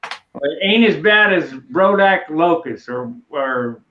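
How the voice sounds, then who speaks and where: A folksy, laid-back man with a fairly high voice tells stories over a video call. His audio is dull and lo-fi, and it sounds like he's in an echoey room. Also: expressive, slow pace, sharp tone, slight background noise. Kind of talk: casual chat, telling stories.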